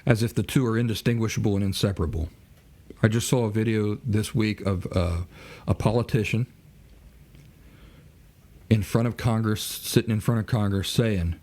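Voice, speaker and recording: A podcast host with a lowish, steady, slightly mellow voice lectures in a monologue at normal speed, pausing often. He fills it with rhetorical questions and acts out mock dialogues.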